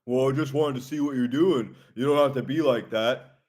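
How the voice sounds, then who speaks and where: A man voicing an exasperated middle-aged mother who nags in a flat tone. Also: medium pitch, normal speed, close to an everyday voice. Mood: nagging.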